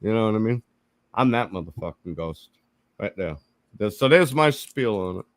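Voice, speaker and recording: A man's voice: lowish voice, moderate pace, dry recording. A man telling a story in casual chat, swearing freely and acting out the quotes. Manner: profane, animated, acts out quotes. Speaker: podcast co-host.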